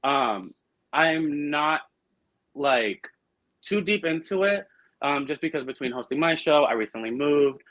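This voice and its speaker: A man with a Boston accent, chatting casually as a podcast guest and telling animated stories full of fillers. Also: a little high, dry recording, muffled recording. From Argentina. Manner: animated, quick storytelling with lots of fillers. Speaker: drag performer guest.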